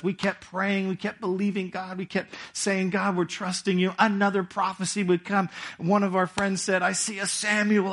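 A middle-aged man delivers a sermon as a personal story, speaking to his congregation in a conversational way. His voice sits a little on the high side for a man, and he tells the story with asides to the listeners. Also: a bit bright. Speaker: pastor. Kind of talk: sermon testimony.

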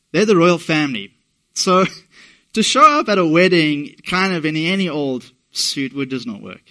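A man's voice: a little high, sharp tone. A middle-aged man from England preaching a sermon, talking conversationally with asides to the congregation. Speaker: pastor.

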